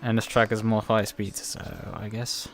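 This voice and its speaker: A man streaming a sim race, thinking aloud in a halting, self-correcting way with a German accent. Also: fairly low pitch, level tone, a little hiss or hum. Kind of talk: casual live-stream commentary.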